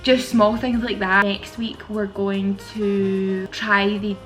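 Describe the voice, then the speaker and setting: A woman's voice: medium pitch, little pitch movement, slow pace, a bit bright, faint music behind, poor audio. Chatty Glaswegian woman vlogging. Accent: Scottish, Glasgow. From Scotland. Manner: chatty and giggly, talking straight to camera. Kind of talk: casual vlog chat.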